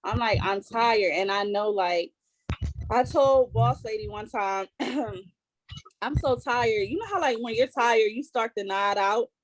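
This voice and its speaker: Poor audio carries a medium-pitched woman in her thirties talking about motherhood on a casual podcast she co-hosts. She's open about her feelings but halting, with lots of fillers and restarts.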